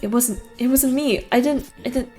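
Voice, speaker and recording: A woman's voice: high-pitched, moderate pace, mellow, soft background music, pitched above the performer's own voice, natural voice. A woman voicing a frightened, guilt-ridden young man who stammers and pleads desperately. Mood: pleading. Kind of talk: reading a visual novel aloud.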